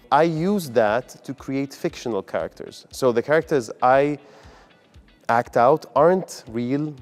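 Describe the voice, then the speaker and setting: A man from the UAE, a comedian answering interview questions in an upbeat, earnest way. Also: medium pitch. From United Arab Emirates. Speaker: comedian and guest.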